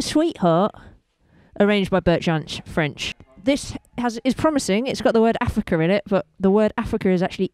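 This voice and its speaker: Smooth-voiced woman musing wryly. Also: mid-range voice, moderate pace, a little mellow, no room sound. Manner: musing aloud, wry asides. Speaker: shop visitor browsing records. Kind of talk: casual chat. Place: record shop in a venue.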